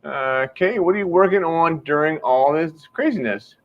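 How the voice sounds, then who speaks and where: A man hosting a live video-call interview who speaks haltingly with many fillers and reads out viewer comments. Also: on the high side. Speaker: host. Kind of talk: casual live-stream interview. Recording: dull lo-fi sound.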